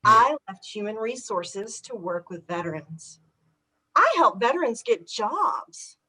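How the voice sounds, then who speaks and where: A woman performing a stand-up comedy set with animated, punchy delivery. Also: a little high, slow, husky, low-quality recording. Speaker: stand-up comic.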